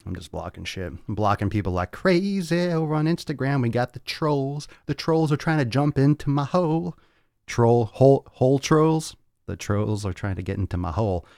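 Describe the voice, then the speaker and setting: A man's voice: mid-range voice, lively intonation, fairly quick, creaky, few pauses, a little mellow, no echo, studio quality. A man hosting a livestreamed fitness podcast, talking in a brash, profane way straight to his viewers.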